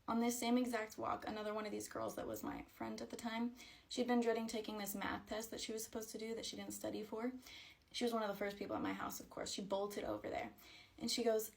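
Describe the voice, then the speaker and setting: A woman's voice: mid-range voice, little pitch movement, fast, gravelly. A young woman telling a personal story to camera in a storytime vlog, with wry, sarcastic asides. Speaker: TikTok creator.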